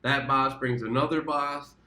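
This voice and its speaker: A man from the United States tells a rambling, profane travel story in a casual vlog, often correcting himself mid-sentence. His medium-pitched voice is bright and forceful, steady in tone and a little slow, and the recording has a roomy echo.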